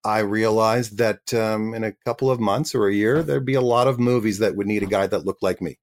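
A man's voice: lowish voice, steady tone, a little fast. A man, a guest actor, telling his career story in a chatty interview with frequent restarts. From Canada.

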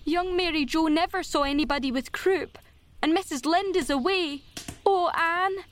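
A woman reading an audiobook, voicing a frightened young girl who pleads urgently for help in a much higher voice. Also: a little hiss or hum. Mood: tearful. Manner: breathless, urgent, slowed pleading.

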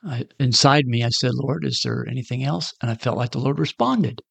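Man, preacher, gravelly voice, dry sound, conversational storytelling sermon. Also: medium pitch, brisk, a bit bright, dry recording. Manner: conversational, acts out quoted voices.

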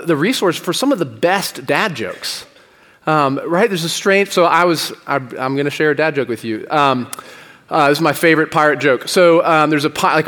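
A man's voice: a little high, fairly bright tone, big-room sound. A man, a pastor, preaching a sermon in a loose, joking, conversational way. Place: church sanctuary.

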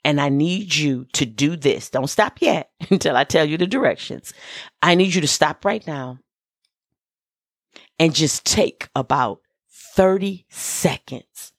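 A woman minister gives a motivational podcast talk in a low voice. She speaks slowly and deliberately, repeating her key lines and telling listeners exactly what to do. The sound is close and dry, with no room echo. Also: lively intonation. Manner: emphatic, repeats key phrases, gives direct instructions.

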